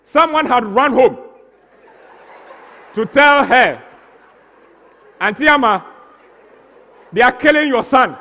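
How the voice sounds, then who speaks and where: A man's voice: high voice, bright, forceful tone, long reverb tail. A man tells a comic story on stage, acting out the scenes with mock drama. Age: 60s. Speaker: stage performer.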